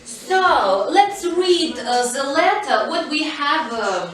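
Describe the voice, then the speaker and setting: A woman's voice: high-pitched, lively intonation, takes it slowly, a bit bright, heavy reverb, distant mic, low-quality recording. A woman teaching an English lesson to schoolchildren, prompting pupils and switching to Russian to explain tasks. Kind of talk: classroom lesson. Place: school classroom.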